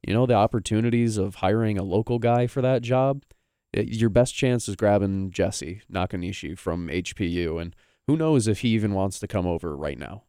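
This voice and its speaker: A man's voice: lowish voice, normal speed, dark tone, clear, resonant tone, dry recording, clean studio sound. A man co-hosting a sports radio show, talking casually in long opinionated runs. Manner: opinionated, rambling, argumentative. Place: radio studio.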